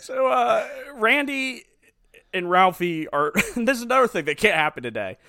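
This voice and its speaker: A man's voice: high voice, very animated, normal speed, creaky, sharp tone, no room sound, clean studio sound. A man who is a father, chatting casually and animatedly as he recaps a movie's plot, laughing often. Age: adult father. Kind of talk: casual chat retelling a movie.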